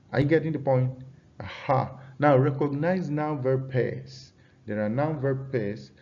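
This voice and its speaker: A man teaching an English pronunciation lesson at a middle pitch. He repeats words and keeps checking whether students follow. The sound is slightly dull and lo-fi. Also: darkish tone. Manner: repetitive, restarts often, checks in with students.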